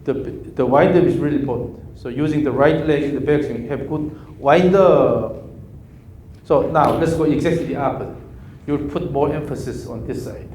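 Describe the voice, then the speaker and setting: A man's voice: medium pitch, brisk, hardly any pauses, a little mellow, a little hiss or hum. A man coaching a golf student live with clipped instructions and repeated counting cues, a native Korean speaker. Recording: echoey room with faint ambience.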